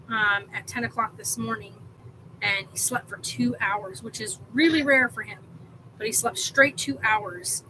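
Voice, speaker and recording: A woman's voice: a little high, pushed and bright, a little hiss or hum, low-quality recording. An exhausted woman hosting a casual livestream, talking in a rambling way with many fillers. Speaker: livestream host.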